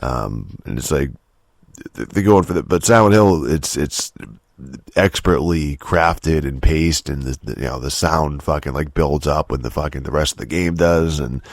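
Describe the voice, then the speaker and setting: A man's voice: a bass voice, normal speed, vocal fry, no echo, clean studio sound. A man hosting a solo podcast, rambling and cursing with lots of restarts and fillers. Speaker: podcast host. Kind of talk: casual solo podcast rant.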